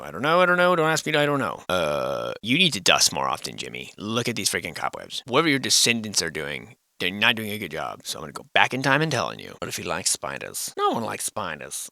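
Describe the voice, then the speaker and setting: A man's voice: lowish voice, vocal fry, pushed and bright, no echo, studio quality. A man hosting a video, giving casual, sarcastic and profane commentary on archive photos while wandering off into musings. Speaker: video host.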